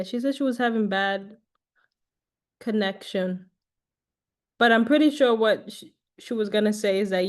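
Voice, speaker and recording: A woman's voice: medium pitch, a little mellow. A woman teaching a casual online class on phone features, chatty and loose, with lots of fillers and little check-ins like "right?". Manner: chatty, repeats herself, many fillers and "right?". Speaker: class instructor.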